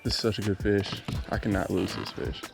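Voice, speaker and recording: A man, vlogging while fishing from a kayak and talking excitedly and frustratedly to himself. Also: fairly low pitch, fairly quick, gravelly, over music. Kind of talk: casual vlog talk to camera. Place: outdoors on a kayak on a lake. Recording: noisy outdoor camera audio.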